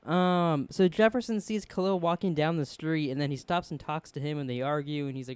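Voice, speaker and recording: A man's voice: fairly high pitch, steady tone, brisk, few pauses, clear, resonant tone, dry recording. A man recapping a TV episode in casual chat, rambling with fillers and quoting characters in put-on voices. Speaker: show reviewer.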